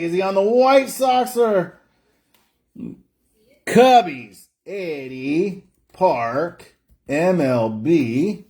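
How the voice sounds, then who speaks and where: Chatty card-break host, higher-voiced man. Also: expressive, drawn-out words, long pauses, darkish tone, breathy edge. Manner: chatty, jokey, calls out player names. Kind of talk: livestream card-break banter.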